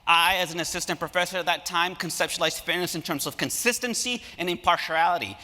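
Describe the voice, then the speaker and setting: A man speaking as an academic at a conference, telling stories in an animated way and engaging the audience from a lecture hall stage. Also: fairly high pitch, fast talker. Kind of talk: conference talk. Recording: reverberant hall.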